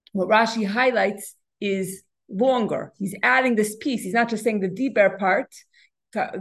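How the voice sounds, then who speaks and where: Woman teaching a Torah lesson. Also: a little high. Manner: explanatory, asks and answers her own questions; frequent restarts and repeated words.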